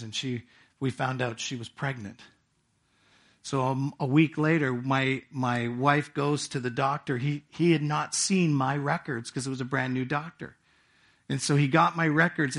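A man's voice: mid-range voice, fairly bright tone. A middle-aged man preaching a sermon, telling a personal testimony in a conversational, storytelling way with asides to the congregation. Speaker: pastor.

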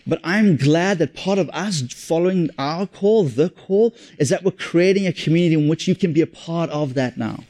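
A man's voice: a little high, normal speed, hardly any pauses, a little mellow. Earnest South African male preacher. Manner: earnest and conversational, often repeats and restarts phrases. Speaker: pastor. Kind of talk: sermon.

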